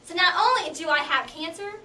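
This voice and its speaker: A young woman giving a humorous contest speech, telling stories in an animated way and laughing often. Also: extremely high pitch, fairly quick. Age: young adult. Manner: animated storytelling with bursts of laughter. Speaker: contest speaker. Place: hall with audience. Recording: echoey hall from far off, noisy.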